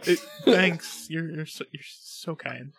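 A man's voice: on the high side, takes it slowly, fairly bright tone. A man co-hosting a podcast, chatting casually, rambling and correcting himself with mock indignation. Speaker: podcast co-host.

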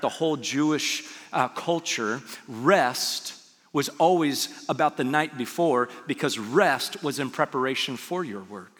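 A man's voice: on the high side, fairly bright tone. Man preaching a sermon in a reverberant hall. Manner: conversational, asks the audience rhetorical questions. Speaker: pastor.

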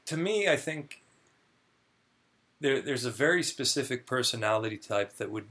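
A man talks earnestly about his clinical research job during a conversational interview, commonly repeating words as he begins each thought. His medium-pitched voice sounds pushed and bright, animated, at normal speed.

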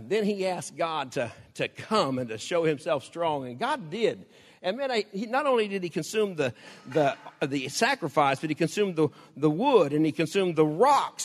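An older man preaches a folksy, conversational sermon, laughing often. His voice sits high and swoops widely through each phrase. The sound carries the long reverb of a hall. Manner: folksy, laughs often, acts out quoted prayers.

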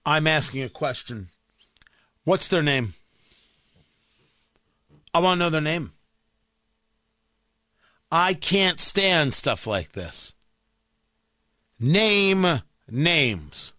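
A man's voice: on the high side, very animated, slow, long pauses, bright, forceful tone, no echo, studio quality. A man hosting a talk radio show, delivering an opinionated monologue with emphatic, combative repeated demands. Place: radio studio. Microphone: studio microphone.

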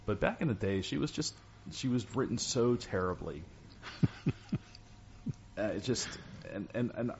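A man chatting casually, adding quiet, agreeable asides. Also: on the low side, expressive, measured pace, gravelly, pauses often, dull audio, background noise. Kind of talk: casual chat.

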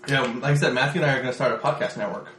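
A man's voice: mid-range voice, racing, fairly bright tone, echoey room, slight background noise. Gushing man hosting a dinner chat. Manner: enthusiastic, effusive, swears casually. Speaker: podcast host. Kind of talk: casual chat over a meal. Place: small home podcast studio with foam panels.

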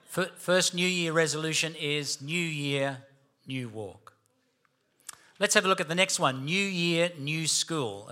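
A man's voice: a little high, sharp tone. A man preaching a sermon, storytelling and emphatic. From Australia.

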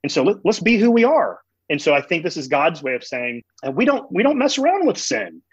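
Male guest, husky tone, earnest and explanatory, dull dry recording. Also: sits high, very animated, fairly quick, no room sound. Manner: earnest, explains through family stories. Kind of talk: conversational theological explanation.

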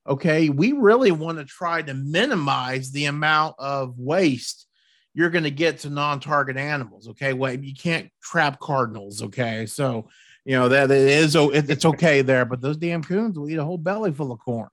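A man's voice: a little high, normal speed, fairly bright tone, no echo, studio quality. A man hosting a hunting show, talking in a folksy, repetitive, pushy way. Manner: folksy, repeats words, pushy about tips. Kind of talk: casual podcast chat.

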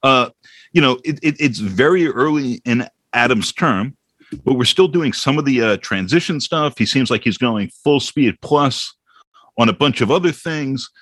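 A man's voice: mid-range voice, expressive, normal speed, a bit bright, dry recording. A man hosting a casual discussion, often repeating words as he starts. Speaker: host. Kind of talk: casual conversation.

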